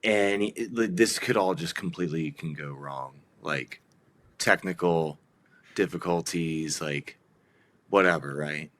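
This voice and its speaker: A man's voice: low voice, unhurried. A man talking as a guest on a podcast, rambling casually with lots of fillers and acted-out quotes. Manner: rambling, animated, many fillers. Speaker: guest, band vocalist.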